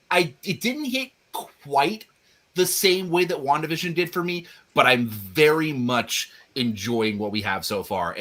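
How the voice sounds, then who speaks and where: A man's voice: lowish voice, bright, forceful tone. A man co-hosting a live chat show, hesitant and full of restarts. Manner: hesitant, many ums and restarts. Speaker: co-host. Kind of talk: casual chat.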